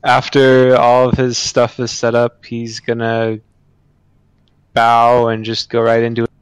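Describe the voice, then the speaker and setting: A man playing a tabletop game, calmly describing his character's actions. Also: mid-range voice, measured pace, smooth, no echo, poor audio. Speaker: player.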